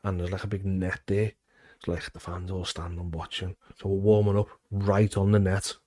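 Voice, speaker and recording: With no echo, a deep voice at moderate speed belongs to a former footballer in his thirties from Liverpool, judging by his accent. Relaxed and animated in the interview, he swears freely and loudly acts out the quotes in his stories.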